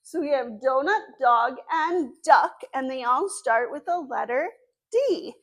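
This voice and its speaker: A woman's voice: sits high, animated, a little slow, a bit bright. A woman children's librarian hosting an online story time. She gives cheerful, step-by-step instructions to small children.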